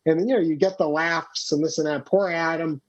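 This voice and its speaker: A man's voice: on the high side, fairly even intonation, normal speed. A man who is a storyteller and comedian, a guest on a podcast, talking in casual conversation with many fillers and restarts. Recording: dull lo-fi podcast audio.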